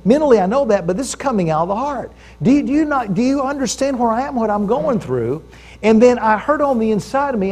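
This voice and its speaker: An American pastor with a high voice preaches a sermon, telling a story and calling out lively to his congregation.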